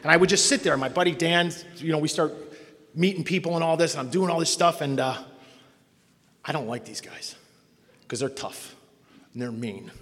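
Animated middle-aged man telling stories in a hall. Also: a little high, moderate pace, pauses often. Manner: animated, acts out voices in quotes, self-mocking. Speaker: speaker sharing a recovery story. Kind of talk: storytelling to an audience.

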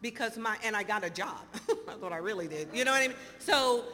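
A woman in her fifties telling her recovery story to an audience in an animated, storytelling way, acting out the dialogue. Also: on the high side, fairly quick. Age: 50s. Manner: animated storyteller, acts out dialogue, laughs often. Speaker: speaker sharing recovery story. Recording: hall reverb, faint noise.

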